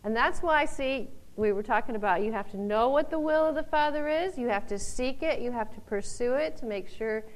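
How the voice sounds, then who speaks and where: A woman teaching from the Bible in an informal talk, laughing often and acting out the people she quotes in loud voices. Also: on the high side, brisk, few pauses, rough recording.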